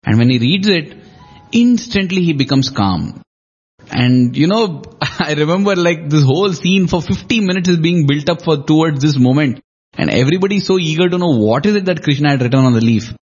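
A man with a husky voice, pitched a little high, speaks in a reflective, storytelling way. He sometimes acts out quoted lines, stressing a different word each time. The sound is dull and lo-fi. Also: expressive, a little fast, darkish tone. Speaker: co-host discussing scripture. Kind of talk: conversational storytelling podcast. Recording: dull lo-fi recording.

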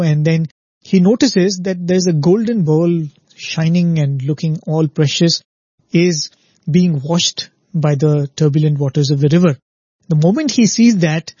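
A man's voice: fairly high pitch, warm tone, dry recording, highs cut off. A man giving a reflective spiritual talk, telling a parable and often checking in with "right?" and repeated "very, very". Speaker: spiritual speaker.

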